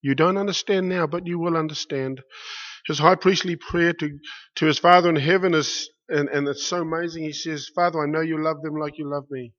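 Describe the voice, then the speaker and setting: A man preaching a sermon with passion, dropping to a hush and then rising loud, repeating his phrases for weight. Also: fairly high pitch, fairly even intonation, fairly quick. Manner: impassioned, swings from hushed to loud, repeats phrases. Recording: muffled lo-fi recording.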